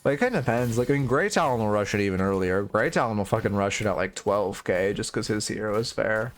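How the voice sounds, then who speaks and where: A man's voice: fairly low pitch, animated, quick pace. A young man streaming and coaching a game, rambling through frank, profane critique in casual commentary.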